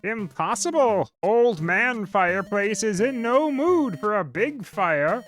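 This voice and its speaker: A man's voice: high voice, animated, slow pace, a bit bright, voice pushed up, exaggerated voice. A man voicing a folksy stonemason who talks in a homespun, knowing way, over faint background music. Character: folksy male stonemason, matter-of-fact and knowing.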